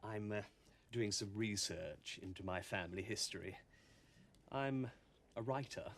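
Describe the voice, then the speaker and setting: A man's voice: on the low side, a little slow. An actor playing a self-important man at a library, speaking in a stiff, proud way. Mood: pompous. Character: pompous male library visitor proud of ancestry. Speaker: actor in a teaching sketch.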